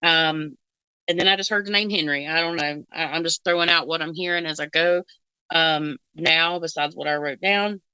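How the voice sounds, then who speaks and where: Woman rambling in casual chat, lots of um and like, giggly, smooth clear voice, dry close sound. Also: low-pitched, steady tone, moderate pace, bright, forceful tone, dry recording, low-quality recording. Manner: giggly, rambling, many fillers and restarts. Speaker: psychic co-host.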